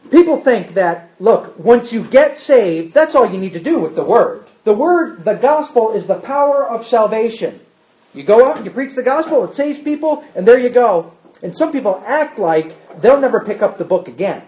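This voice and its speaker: A man preaching a sermon and reading scripture, shifting between loud emphasis and quiet asides. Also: very high-pitched. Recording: echoey hall, slightly dull sound.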